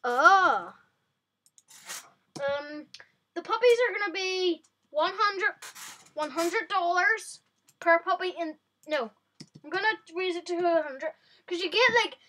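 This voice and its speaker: Bright, high woman chatting excitedly through a game to her viewers. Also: takes it slowly, pauses often. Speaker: vlogger. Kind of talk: casual gameplay commentary.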